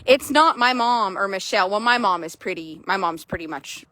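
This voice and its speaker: A young woman horse trader chatting casually outdoors at an arena, quick and loose, swearing now and then. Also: medium pitch, lively intonation, bright, forceful tone, no room sound. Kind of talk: casual narration while riding.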